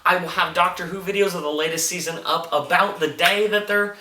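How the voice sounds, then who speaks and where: A man giving a casual, rambling review of a TV episode, getting excited and making his own sound effects. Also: sits high, a little fast. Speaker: TV review vlogger. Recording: echoey room, mic at a distance, faint noise.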